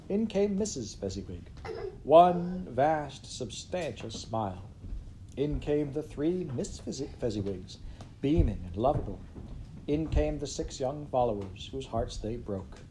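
A man reading a classic story aloud in an expressive way, with big swings in loudness and pitch. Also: slight background noise. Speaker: storybook reader.

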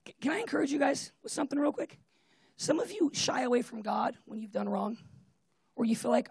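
A preacher giving a casual, conversational sermon with personal stories, talking in an animated way and leaning on "like" and "right?". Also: mid-range voice, a little fast, gravelly, slightly rough, dry recording. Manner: animated, fillers of "like" and "right?", often laughs.

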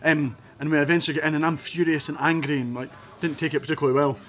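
A Scottish man from Edinburgh, a podcast guest telling animated anecdotes with wry asides. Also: fairly high pitch, racing, lo-fi sound. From Scotland, Edinburgh. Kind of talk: casual storytelling interview.

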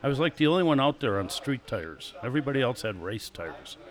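An older man in his sixties, a guest on a live show, relaxed and chatty as he tells his stories. His voice sits in an ordinary middle pitch and breaks into small chuckles between stories. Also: brisk. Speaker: guest, former stock car racer. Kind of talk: casual storytelling interview.

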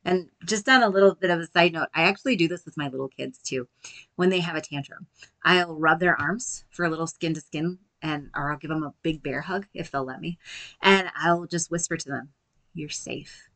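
A woman in her thirties hosting a solo podcast as a life coach, speaking gently and reassuringly. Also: deep voice. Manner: gentle, reassuring, softly spoken at times.

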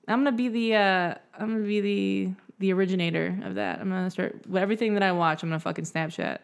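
A woman's voice: mid-range voice, fairly even intonation, quick pace, creaky. Sassy, laughing woman podcast co-host. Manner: profane, laughs a lot, sassy. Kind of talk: casual chat.

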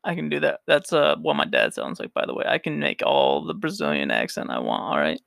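A man's voice: medium pitch, wildly swooping pitch, brisk, vocal fry, hardly any pauses, fairly bright tone, dry recording, studio quality. A young man hosting a solo podcast who tells a story in a rambling, profane way and laughs often. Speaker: podcast host.

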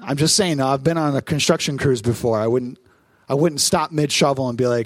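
A man, a pastor in his thirties, preaching a sermon on stage in church, telling family stories in a lively, animated way. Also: mid-range voice, no echo. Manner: warm storytelling, lively, quick asides.

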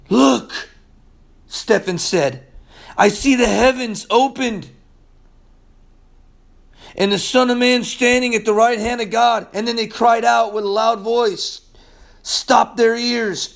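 A man preaching a sermon in a casual, slangy way, swinging from loud emphasis to hushed asides. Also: sits high, slow pace, vocal fry, long pauses.

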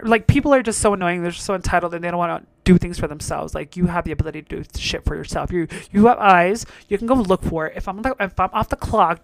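A man's voice: high-pitched, no room sound. A young man hosting his own show, talking in a blunt, profane, exasperated rant. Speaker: solo podcast host. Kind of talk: casual rant monologue.

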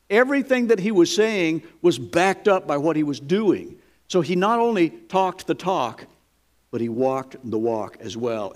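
A man preaching a sermon in an emphatic, folksy way, with dramatic quoted lines. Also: a little high.

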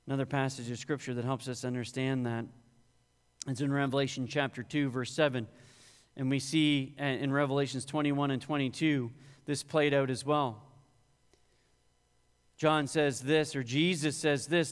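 A man's voice: medium pitch, steady tone, moderate pace, clean tone. A male pastor preaching a sermon, rising in emphasis on quoted scripture. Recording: long hall reverb.

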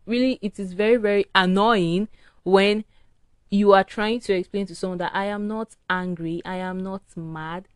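A woman with a fairly low, smooth voice records her solo podcast indoors at home in the early morning, with no echo. She sounds tired and rambles through a candid, casual rant.

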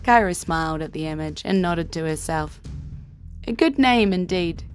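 Narrating an improvised tabletop game as game master, this New Zealand-accented podcast host tells the story in an easygoing way. She speaks in a lowish voice at a moderate pace, with faint music behind her.

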